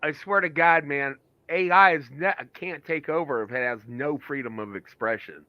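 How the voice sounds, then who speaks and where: A man in a casual chat, loud and profane, laughing often. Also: a little high, normal speed, dry recording. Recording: dry, dull lo-fi sound.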